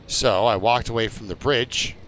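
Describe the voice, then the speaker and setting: Relaxed commentary over a survival game comes from a man who rambles slowly through stories, full of fillers. He has a mid-range, fairly bright voice, and there's slight background noise.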